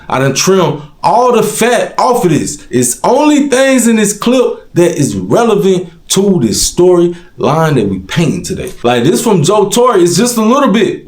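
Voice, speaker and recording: Animated high-pitched man in an echoey room. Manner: animated, slangy, talks straight to viewers. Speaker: commentary channel host. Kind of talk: direct-to-camera commentary.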